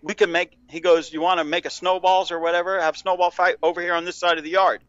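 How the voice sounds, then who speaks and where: A man's voice: high voice, level tone, fast, fairly bright tone, no echo, muffled recording. A man co-hosting a casual podcast, telling a rambling, profane story and laughing often. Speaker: podcast co-host.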